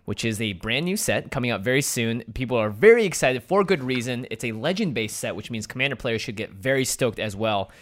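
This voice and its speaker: An upbeat man hosts a casual podcast and laughs easily. His pitch swings animatedly up and down as he talks. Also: expressive, fairly quick, hardly any pauses, a bit bright. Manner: upbeat, laughs easily, reads sponsor spots. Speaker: podcast host. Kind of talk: casual chat.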